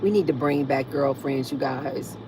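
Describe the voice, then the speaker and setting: A woman's voice: extremely low pitch, normal speed, background noise. A woman hosting a casual livestream from her parked car, chatting and reading viewer comments aloud with frequent laughter. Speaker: livestream host.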